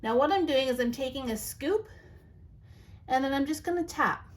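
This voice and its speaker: Chatty woman demonstrating a card craft. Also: on the high side. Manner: chatty and reassuring, giving practical tips. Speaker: craft tutorial host.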